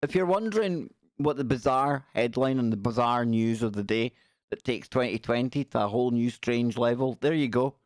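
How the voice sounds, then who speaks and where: A man's voice: medium pitch, normal speed, no echo, clean studio sound. A man hosting a live stream, chatting casually and joking as he reacts to pictures. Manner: jokey, reacting aloud to pictures with quips. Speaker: livestream host.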